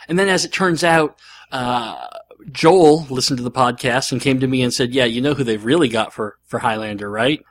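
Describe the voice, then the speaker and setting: Casting note: male solo podcaster, excitable and rambling, dry close-miked sound. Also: medium pitch, no echo. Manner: animated, rambling, frequent fillers and restarts. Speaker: podcast host. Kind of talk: casual solo podcast monologue.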